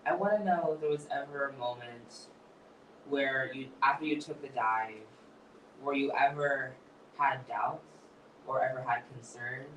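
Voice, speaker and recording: A man interviewing a poet onstage, asking earnest, halting questions with frequent restarts. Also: medium pitch, fairly bright tone, reverberant, recorded from a distance, slight background noise, poor audio.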